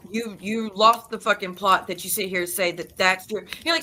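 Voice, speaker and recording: A woman's voice: medium pitch, bright, forceful tone, slight background noise. A woman YouTube creator ranting heatedly to her viewers, swearing and cutting herself off mid-sentence. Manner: heated, profane, rapid restarts and self-interruptions.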